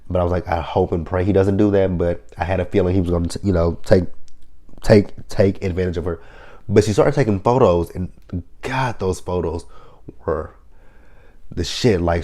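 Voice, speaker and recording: A man giving a casual, animated and profane recap of a TV episode, reacting emotionally as he retells it. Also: low-pitched. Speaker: TV recap reviewer.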